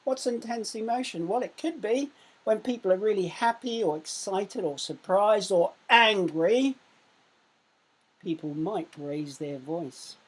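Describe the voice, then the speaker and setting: A woman teaching a recorded primary school lesson. She speaks clearly and raises her voice to show exclamations. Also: mid-range voice, lively intonation. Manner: slow, clear teaching voice that loudly acts out exclamations.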